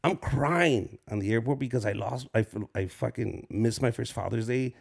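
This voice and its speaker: A man's voice: mid-range voice, moderate pace, gravelly. A man in his forties from Southern California, a stand-up comedian telling loose, profane stories as a guest in an interview. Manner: loose, profane storytelling, acts out voices. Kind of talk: casual storytelling interview.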